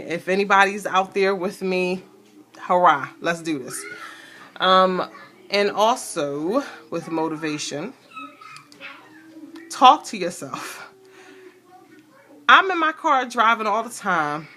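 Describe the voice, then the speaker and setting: A woman's voice: mid-range voice, pushed and bright. A woman vlogger talking casually and emphatically to camera about motivation, pep-talking and fussing with fillers and restarts. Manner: frequent fillers and restarts, bursts of laughter. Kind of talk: casual motivational vlog talk. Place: seated indoors talking to camera.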